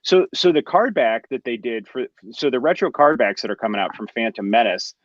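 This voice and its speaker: A man's voice: mid-range voice, animated, fairly quick, no room sound, muffled recording. Chatty man hosting a live collectors' show. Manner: chatty, enthusiastic, reads out viewer comments. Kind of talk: casual chat.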